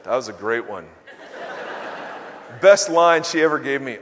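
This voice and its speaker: A man preaching a sermon in an animated, emphatic way, with self-mocking humor. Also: medium pitch, unhurried, pauses often, big-room sound, a little hiss or hum. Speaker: pastor. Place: large church hall.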